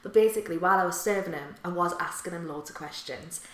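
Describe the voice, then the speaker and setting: A woman's voice: fairly low pitch, quick pace, a bit bright. Chatty woman, echoey room. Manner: chatty storyteller, laughs often, sweary. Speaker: podcast co-host. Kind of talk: casual chat and anecdote.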